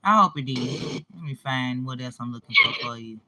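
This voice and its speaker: A woman's voice: a bass voice, expressive, moderate pace, background noise. A woman in her forties hosting a casual political commentary vlog, talking emphatically and laughing between her points. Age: 40s. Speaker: channel host.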